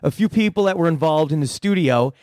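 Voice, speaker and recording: Profane, rambling man with a high voice. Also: expressive, a little fast, darkish tone, no echo, studio quality. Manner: profane, rambling storytelling with many restarts. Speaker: prank-call comedian answering a fan. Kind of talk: casual radio chat.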